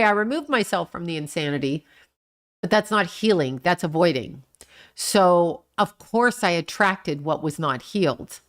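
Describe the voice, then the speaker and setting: A woman's voice: on the low side, a bit bright. Blunt, swearing woman livestream host. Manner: blunt and profane, rants and swears at the people she discusses; talks back to chat comments. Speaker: livestream host reading chat. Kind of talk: casual livestream chat.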